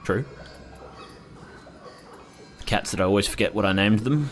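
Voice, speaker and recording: A man's voice: on the low side, unhurried, soft background music. A young man chatting casually and rambling while playing a game, swearing freely. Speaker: gaming streamer. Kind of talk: casual gameplay commentary.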